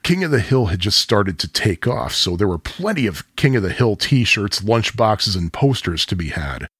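A man's voice: on the low side, very animated, moderate pace, a bit bright, breathy edge, dry recording, clean studio sound. A man from the Chicago area hosting a podcast, telling nostalgic stories in a chatty, self-deprecating way. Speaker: podcast host. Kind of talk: casual storytelling monologue.

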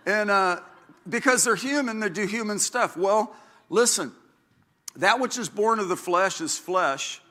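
Bright-voiced grandfatherly pastor preaching. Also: a little slow. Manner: animated, chatty, acts out quotes with big pitch jumps. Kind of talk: sermon.

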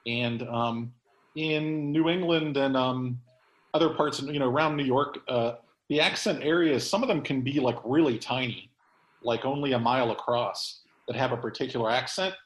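A man's voice: mid-range voice, moderate pace, reverberant, low-quality recording. Man rambling through a casual chat. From Texas. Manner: rambling, many ums and restarts. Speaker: host.

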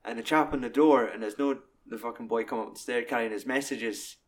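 A young Scottish man in casual film talk, swearing freely and getting animated as he recounts scenes. His voice sits at an ordinary middle pitch. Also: fairly quick. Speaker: podcast co-host.

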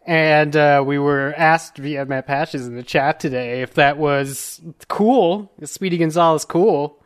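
Brief: American man, podcast host, casual, halting delivery full of fillers, heard over a video call. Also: fairly high pitch, clean tone. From United States. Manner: halting, many fillers and restarts. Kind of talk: casual panel chat.

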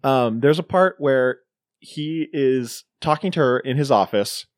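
A man's voice: mid-range voice, unhurried, no room sound, clean studio sound. A man co-hosting a podcast, casually recapping a horror movie and acting out the characters' lines. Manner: animated retelling, mimics characters in quoted bits. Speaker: podcast co-host. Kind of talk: casual movie review chat.

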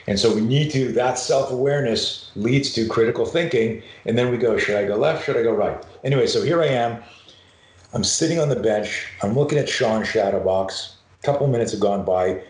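A middle-aged man, a self-defense coach, telling a story on a podcast and acting out the dialogue, swearing freely. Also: on the low side. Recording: roomy echo.

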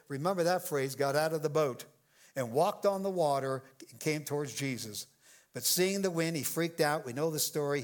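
A man pastor preaching a lively sermon to a church congregation, acting out quoted voices and joking with the crowd. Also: fairly high pitch.

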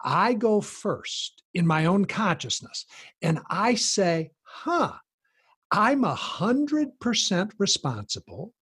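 A man explaining a parenting approach in conversation, animated and acting out the voices of people he quotes. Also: fairly high pitch, slightly rough.

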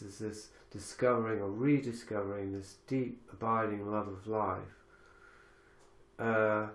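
Fairly low with vocal fry, a podcast host living in Galicia thinks out loud reflectively, using lots of fillers and restarts. The sound is roomy.

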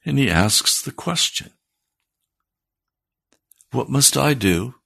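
A man with a husky voice preaching a sermon, earnest and building to fervent emphasis. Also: mid-range voice, fairly bright tone.

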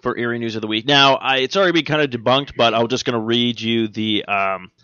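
A man's voice: mid-range voice, fairly quick, bright, forceful tone, clear, resonant tone, dry recording. Guy rambling thru weird news on a podcast, lots of ums, jokey, dull dry audio. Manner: rambling, jokey, many fillers and restarts. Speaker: podcast co-host. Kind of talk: casual chat reading odd news.

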